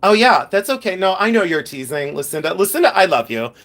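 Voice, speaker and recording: A man's voice: sits high, big pitch swings, a little fast, fairly bright tone. A man with a Pennsylvania Dutch accent hosting a casual livestream, chatting and reading viewer comments aloud with rambling asides. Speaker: livestream host.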